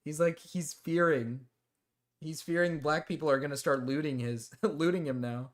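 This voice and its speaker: A man's voice: on the high side, moderate pace. A man streaming, giving casual reaction commentary, laughing often, swearing and repeating himself.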